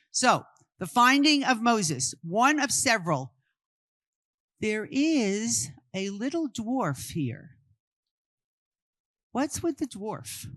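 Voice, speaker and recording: A woman's voice: medium pitch, a bit bright, dry recording. Brooklyn-born woman lecturing and quizzing a group. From Brooklyn, New York. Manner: quizzes the audience with quick questions, then answers them. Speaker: art history lecturer. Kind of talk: interactive talk to a live group.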